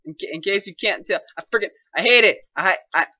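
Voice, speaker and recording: A young man with a high, sharply bright voice complains and jokes his way through a game, excitable and quick to mock himself. The recording is dry and close. Its sound is dull and lo-fi. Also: no room sound. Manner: excitable, complaining, self-mocking. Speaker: gaming commentator. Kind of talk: casual gameplay commentary.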